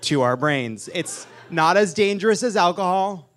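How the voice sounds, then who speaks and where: A man hosting a live comedic political talk show on stage, joking and animated, with loud emphatic bursts. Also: high-pitched, normal speed. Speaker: podcast host.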